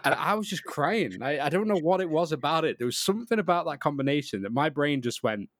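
A man's voice: on the high side, expressive, quick pace, no room sound, studio quality. A young man co-hosting a podcast, rambling casually over an online call with plenty of "like" and easy laughter. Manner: rambling, lots of "like", laughs easily. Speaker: podcast co-host. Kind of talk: casual chat.

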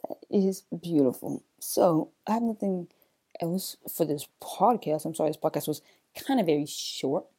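A young woman chats on her own podcast in a loose, playful way, joking and taking asides. Her voice sits a little low, very dark and mellow, with a husky edge. She sounds sleepy, like it is early in the morning. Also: normal speed. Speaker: podcast host. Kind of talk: casual solo podcast chat.

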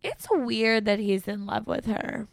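A woman's voice: on the high side, unhurried, gravelly, no echo. A woman co-hosting a podcast, questioning and pushing back while discussing a TV episode. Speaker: podcast co-host. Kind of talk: casual chat about a TV episode.

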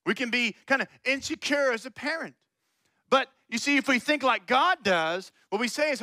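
High, bright-voiced male preacher. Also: fairly quick, no room sound. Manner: conversational preaching, playful, acting out voices. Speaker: pastor. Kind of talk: sermon.

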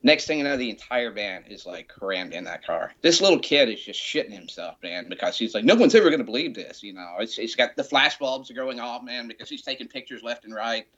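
A man in his fifties from Alabama, telling rambling, animated rock-and-roll anecdotes with restarts and swearing as a podcast guest. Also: medium pitch, fairly quick, hardly any pauses. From Montgomery, Alabama, USA. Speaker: guest, rock memorabilia retailer. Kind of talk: casual storytelling chat. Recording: dull, lo-fi sound.

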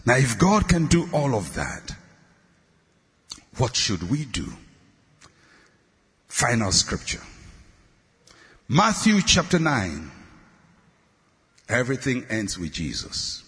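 A man preaching a sermon with passion, climbing to shouts and sinking low on his repeated refrains. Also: huge pitch swings, slow pace, pauses often. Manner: impassioned, rising to shouts and dropping low on refrains. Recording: long hall reverb.

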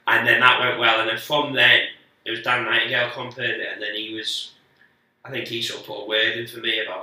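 A man's voice: mid-range voice, little pitch movement, fairly quick, bright, forceful tone. Male comedian guest, rambling and sweary, recorded far off-mic in a very echoey room. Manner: rambling, sweary, frequent restarts. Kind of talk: casual storytelling chat.

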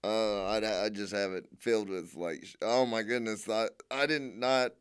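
A man's voice: lowish voice, steady tone, moderate pace, smooth. A man co-hosting a podcast, rambling and swearing as he talks. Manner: rambling, profane, trails off and restarts. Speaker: podcast co-host. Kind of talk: casual podcast chat.

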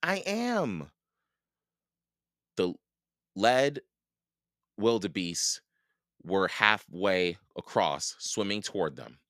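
A man reading a children's book aloud for a podcast, slow and expressive. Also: low voice, no echo, clean studio sound. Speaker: podcast read-aloud host.

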